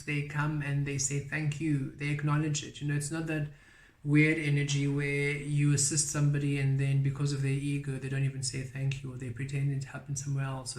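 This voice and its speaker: A man giving a spiritual tarot reading, speaking softly and repeating affirmations in a roomy, echoey recording. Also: fairly high pitch. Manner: soft-spoken, repeats affirmations. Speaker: tarot reader. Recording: roomy echo.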